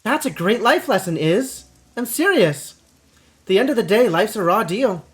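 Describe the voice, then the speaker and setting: A blunt, scornful orc woman from a cyberpunk game, loud and pushed up high, dismissing everything around her, as a man puts on her voice. She talks in a raised, mocking tone full of swagger. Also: lively intonation, moderate pace. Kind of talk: live-streamed game dialogue read aloud.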